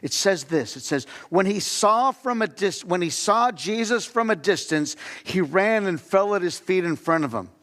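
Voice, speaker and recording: A man's voice: sits high, expressive, moderate pace, hardly any pauses, fairly bright tone. A man preaching a sermon as the pastor, talking conversationally and asking the congregation questions. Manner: conversational preaching with audience questions and acted-out quotes. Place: church sanctuary. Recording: long church hall reverb.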